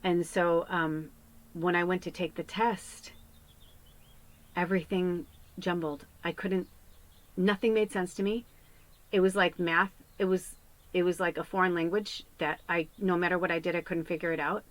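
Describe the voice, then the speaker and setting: Frank, rambling woman with a lowish voice. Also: steady tone, normal speed, low-quality recording. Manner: rambling, frank, swears freely. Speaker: psychic medium and astrologer. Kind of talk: casual personal storytelling on a reading video.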